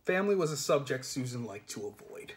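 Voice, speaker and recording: A man reading a comic fantasy novel aloud in a measured, dry storytelling manner. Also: mid-range voice, sing-song. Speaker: reader.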